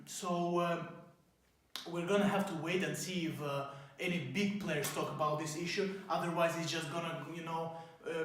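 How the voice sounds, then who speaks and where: A man's voice: fairly high pitch, a bit bright. A man hosting a parody news show, ranting in a rambling, profane way with many fillers. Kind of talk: mock news commentary. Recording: very echoey room.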